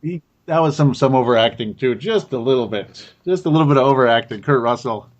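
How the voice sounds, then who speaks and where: A man's voice: mid-range voice, fast talker, muffled recording. A man from Minnesota hosting a casual sports chat, laughing often and stumbling over repeated words. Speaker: podcast host. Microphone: call recording.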